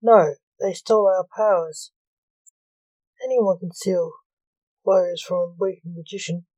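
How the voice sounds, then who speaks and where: A woman's voice: on the low side, steady tone, unhurried, warm tone, low-quality recording. A woman voicing a nervous captive father who is easily exasperated by his son. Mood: anxious. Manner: flustered, anxious.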